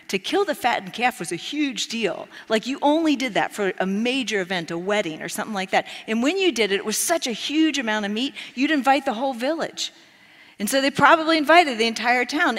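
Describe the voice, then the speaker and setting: Woman preaching in an echoing church. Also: a little high. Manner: animated storytelling, acting out quoted lines. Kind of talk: sermon. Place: church sanctuary.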